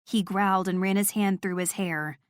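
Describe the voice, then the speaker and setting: A woman narrating a first-person romance audiobook in a steady, clear storytelling voice. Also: mid-range voice, moderate pace, dry recording, clean studio sound.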